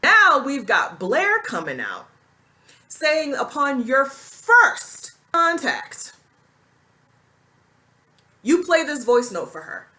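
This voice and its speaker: A woman's voice: high-pitched, huge pitch swings, takes it slowly, pauses often, sharp tone. A woman talking straight to camera in a commentary vlog, blunt and indignant, with plenty of casual slang. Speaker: commentary vlogger.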